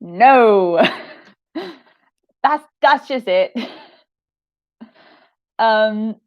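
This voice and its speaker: A young woman with a fairly high voice, talking slowly and laughing often. She answers audience questions in a relaxed, self-deprecating livestream chat. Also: lo-fi sound. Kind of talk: casual livestream Q&A.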